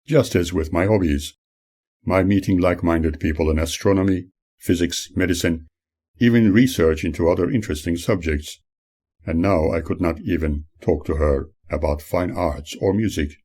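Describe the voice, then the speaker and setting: A man reading his own memoir aloud in an earnest, measured way. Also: deep voice, a little mellow. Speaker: author narrating his memoir.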